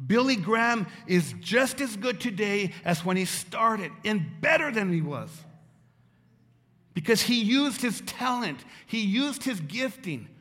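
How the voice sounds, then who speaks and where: Pastor, middle-aged man with a high voice, emphatic and repetitive, lively delivery in a long-reverb hall. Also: measured pace. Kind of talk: sermon.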